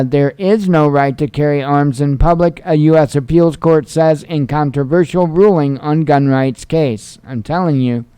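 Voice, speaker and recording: A man's voice: a little high, mellow, smooth, dry recording. A winded man hosting a news show, reading headlines aloud and adding dry, sarcastic asides between them.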